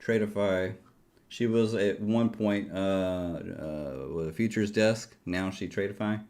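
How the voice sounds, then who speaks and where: A man's voice: lowish voice, a little slow, darkish tone. A middle-aged man chatting casually on a livestream, rambling and jokey as he talks straight to his viewers. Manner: self-deprecating, jokey. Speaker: livestreaming futures trader.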